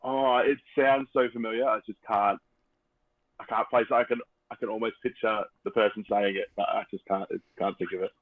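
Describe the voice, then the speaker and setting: Relaxed male podcast guest, dry sound. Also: on the low side, a little fast, no room sound, phone-quality sound. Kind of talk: casual podcast chat.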